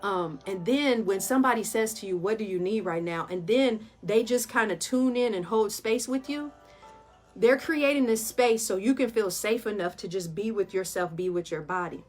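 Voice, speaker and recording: A woman's voice: mid-range voice, normal speed, soft background music. Chatty woman guiding a mindfulness talk. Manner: chatty, addresses listeners as "y'all", laughs often. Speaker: therapist and yoga teacher. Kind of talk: casual guided mindfulness talk.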